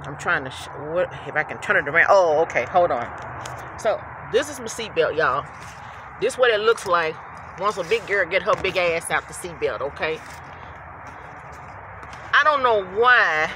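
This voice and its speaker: A woman's voice: fairly low pitch, moderate pace, noisy background. Chatty woman in her fifties. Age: 50s. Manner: chatty, animated, addresses viewers as y'all. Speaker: rideshare driver vlogger. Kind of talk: casual storytelling vlog. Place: inside her car.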